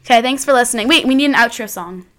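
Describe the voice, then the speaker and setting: A woman's voice: fairly high pitch, very fast, a bit bright. Giggly teenage girl podcasting. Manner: giggly, teasing banter. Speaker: podcast co-host. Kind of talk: casual chat.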